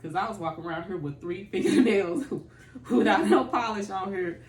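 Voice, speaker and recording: A woman's voice: medium pitch, moderate pace. A middle-aged woman, a family caregiver, telling her story in an emotional interview. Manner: emotional, rising to tearful and loud when recounting. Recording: echoey room, mic at a distance, faint background noise.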